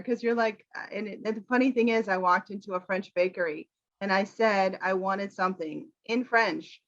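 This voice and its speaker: An American woman, an English teacher, chatting casually about a film with animated quoting. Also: medium pitch, fairly quick, dull audio. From United States. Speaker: English teacher, channel host.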